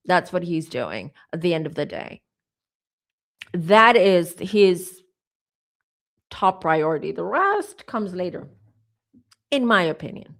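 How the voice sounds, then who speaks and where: A woman's voice: lowish voice, sing-song, takes it slowly, long pauses, fairly bright tone. A woman tarot reader with a mixed American and British accent, chatting casually with a livestream audience, rambling, often restarting and stumbling over her words. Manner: opinionated, rambling. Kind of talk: casual livestream chat answering comments.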